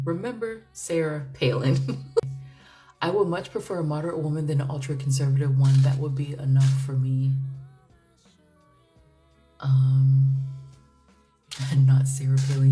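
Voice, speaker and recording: A woman with a low-pitched voice gives a casual tarot reading, thinking aloud as she goes. She rambles in a chatty way, with plenty of fillers and frequent laughter. Soft music plays faintly underneath. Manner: chatty, musing, laughs often, many fillers. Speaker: tarot reader.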